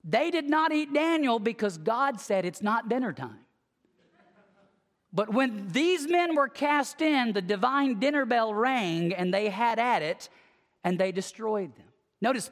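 A preacher delivering a conversational sermon, emphatic, swinging from lively to hushed. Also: medium pitch. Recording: long hall reverb.

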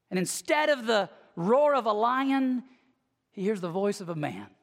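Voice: mid-range voice, normal speed. Emphatic preacher in a reverberant hall. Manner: conversational, emphatic, with sudden swings from lively to hushed. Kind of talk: sermon.

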